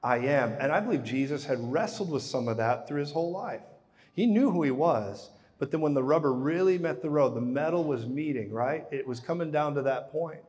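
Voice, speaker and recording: A man preaching a live sermon who tells the story with animation, swinging from hushed to booming. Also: lively intonation, brisk. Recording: reverberant hall.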